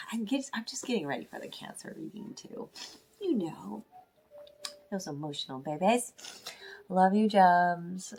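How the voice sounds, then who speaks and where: A woman giving a spiritual tarot reading to her viewers, talking softly and emotionally, often half-whispering. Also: on the low side, vocal fry. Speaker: tarot reader.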